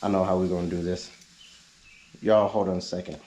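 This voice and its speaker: A man's voice: deep voice, little pitch movement, fairly quick, a little mellow. A man, chatting casually on his car vlog, reading out viewer suggestions with laid-back joking asides. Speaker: YouTube car vlogger.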